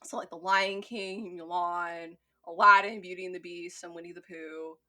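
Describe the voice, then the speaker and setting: A woman's voice: fairly low pitch, fairly even intonation, normal speed, pushed and bright. A woman co-hosting a film podcast, chatting casually and swearing freely, with lots of "like" and frequent laughter. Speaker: podcast co-host. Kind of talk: casual chat reviewing a film.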